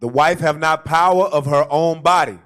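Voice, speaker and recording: A man reading Bible verses aloud for the bishop in a steady, plain way, heard from some way off the microphone. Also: on the high side, normal speed. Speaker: scripture reader.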